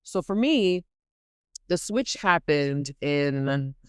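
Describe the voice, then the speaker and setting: A woman hosting a podcast who gives an animated, dramatic motivational faith talk and repeats points for emphasis. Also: sits low, very slow, smooth, no echo, studio quality. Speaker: podcast host.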